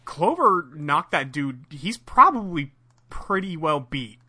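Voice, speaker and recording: A podcast co-host in casual chat, retelling a cartoon episode in an animated way and laughing often. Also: medium pitch, slow pace, slightly rough. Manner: animated storyteller, laughs often, retells scenes with quoted voices.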